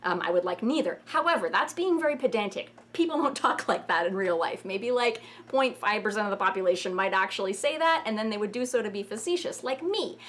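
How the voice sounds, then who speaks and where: A woman hosting a casual, chatty explainer about Japanese phrases in anime scenes, wry and quick to act out the lines she quotes. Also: medium pitch, lively intonation, fairly bright tone.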